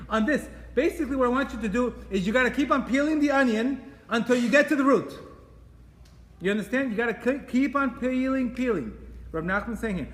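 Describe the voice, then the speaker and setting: Animated man teaching in an echoey hall. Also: high-pitched, slight background noise. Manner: animated, rhetorical questions, repeats phrases. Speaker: teacher giving a class. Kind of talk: Torah class lecture. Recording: echoey hall with faint ambience.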